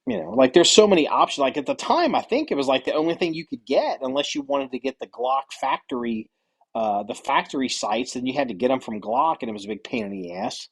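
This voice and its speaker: A man's voice: medium pitch, sing-song, a little fast, vocal fry, slightly rough. A man hosting a podcast, telling stories in loose, rambling casual chat with some swearing. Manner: rambling, profane storytelling. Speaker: podcast host.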